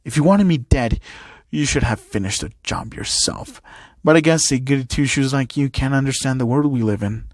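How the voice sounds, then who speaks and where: A man's voice: mid-range voice, moderate pace, dry recording, lightly acted. A man voicing a sneering masked male villain who mocks his enemy and speaks of revenge, in a dry recording. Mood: taunting. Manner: taunting, mocking.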